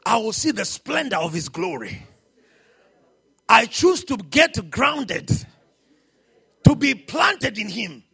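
A male pastor preaching a sermon, shouting his exclamations and throwing questions at the congregation. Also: sits high, big pitch swings, takes it slowly, vocal fry, pauses often, husky.

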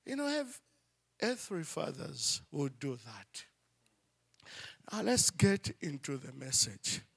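Man, preacher, sermon story, high voice, gravelly, bright. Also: slow. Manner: animated, repeats "you know" and "I mean".

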